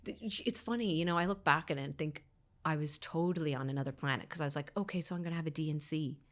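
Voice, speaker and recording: Woman, podcast guest, low voice, recounting a loss with hushed, whispery stretches. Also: fast talker. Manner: drops to a hushed whisper at painful moments; acts out others' words in quotes. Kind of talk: emotional personal storytelling.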